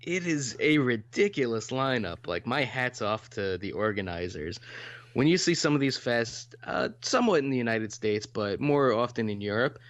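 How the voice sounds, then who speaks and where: A man's voice: medium pitch, animated, moderate pace, dry recording. A man co-hosting a podcast in casual chat, talkative and explaining in long runs. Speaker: podcast co-host.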